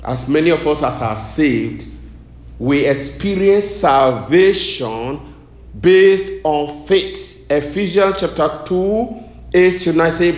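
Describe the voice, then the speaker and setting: A man's voice: on the high side, slow pace, roomy sound. A male preacher delivering a sermon and prayer with a rhythmic, repetitive cadence.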